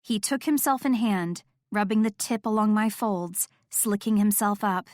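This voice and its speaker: A woman reading first-person audiobook narration with steady, intimate storytelling. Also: medium pitch, measured pace, dry recording, studio quality.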